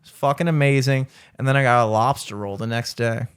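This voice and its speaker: A young adult man co-hosting a podcast in casual chat, with a medium-pitched, everyday voice. He tells a rambling story, swears freely, and breaks into frequent laughter. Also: steady tone, brisk, smooth. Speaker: podcast co-host.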